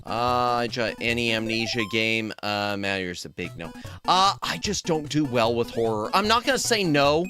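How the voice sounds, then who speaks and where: Lively, bright-voiced man streaming a game. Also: medium pitch, moderate pace, faint music behind. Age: young adult. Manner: joking, chatty, reads chat aloud, yelps at deaths. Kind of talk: casual gaming stream chat.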